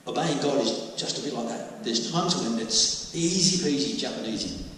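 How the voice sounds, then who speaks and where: A man's voice: medium pitch, expressive, normal speed, a bit bright, a little hiss or hum. A man preaching a sermon, telling anecdotes with jokey asides and little voices. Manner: anecdotal, jokey, with bursts of mimicry. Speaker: pastor. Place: church hall. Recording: echoey hall, mic from far off.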